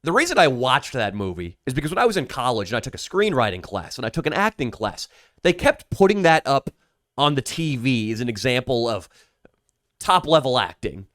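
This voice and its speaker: Sardonic man, podcast co-host, lively pitch, dry close mic. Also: normal speed, no room sound. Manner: sardonic, crude, mock-grand riffs. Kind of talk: casual podcast banter.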